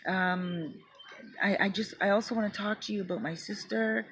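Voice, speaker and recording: A woman's voice: mid-range voice, fairly even intonation, moderate pace, fairly bright tone, a little hiss or hum, lightly acted. A woman voicing a pushy, scheming male acquaintance who talks casually and coaxingly. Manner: casual, coaxing, repeats "yeah, man".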